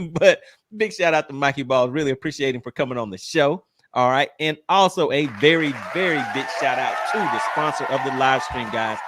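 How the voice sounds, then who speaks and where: A man's voice: medium pitch, fairly bright tone, no echo, clean studio sound. A man hosting a fishing live stream, chatting casually, teasing his guest and laughing a lot.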